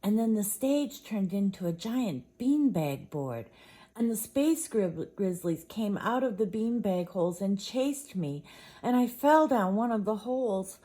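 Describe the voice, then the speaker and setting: A woman voicing a frightened little girl bear cub from a storybook, high and wailing. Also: fairly even intonation, moderate pace, few pauses, darkish tone, close to an everyday voice. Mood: upset.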